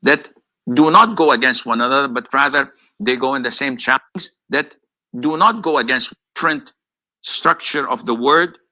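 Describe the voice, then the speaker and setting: Male preacher, piercingly bright tone, measured explanatory delivery. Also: medium pitch, low-quality recording. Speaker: Muslim preacher answering questions. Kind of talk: explanatory lecture.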